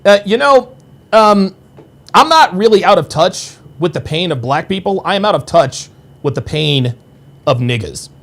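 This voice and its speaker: Man, live-stream host, combative, profane, gravelly, bouncy pitch. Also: animated, normal speed. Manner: combative and profane, swings between low mutters and sharp high outbursts. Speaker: podcast host reading live chat.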